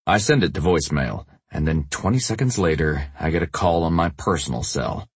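Audiobook narrator, male: low, husky, very lively pitch, dry booth sound. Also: a little fast, dry recording. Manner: voices characters by raising his pitch. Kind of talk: first-person audiobook narration.

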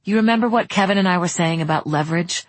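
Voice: medium pitch, fast talker, no echo, natural voice. An audiobook narrator voicing a woman scientist who speaks in a clipped, precise way. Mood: urgent. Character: guarded, analytical woman scientist.

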